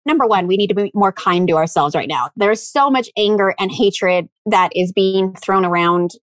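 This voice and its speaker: A woman in casual podcast chat, animated and acting out quoted lines as she tells stories. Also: mid-range voice, moderate pace, dry recording.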